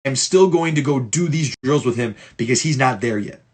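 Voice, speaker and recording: Casually going over film with football clients, a man coaches in a blunt, profane way, restarting a lot and repeating words to stress them. His mid-range voice is husky and animated, at a normal speed.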